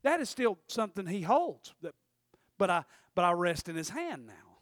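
A male pastor preaching a sermon, telling a story and swinging between loud and hushed. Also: sits high, very animated, moderate pace, dry recording, clean studio sound.

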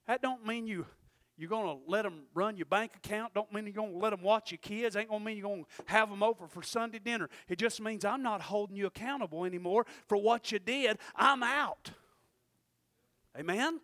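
A preacher with a very high, bright, forceful voice, heard close and dry. He swings from shouted exhortation to quiet, folksy asides and keeps calling out to his congregation. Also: a little fast, no room sound. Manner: frequent call-outs to the congregation. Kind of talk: sermon.

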